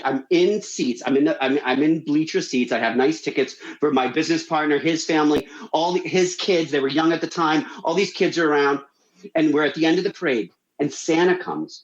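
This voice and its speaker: A man telling a story on a radio show, animated and acting out the people he quotes. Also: brisk, roomy sound, muffled recording. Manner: animated, acts out quotes with big pitch jumps. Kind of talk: casual storytelling.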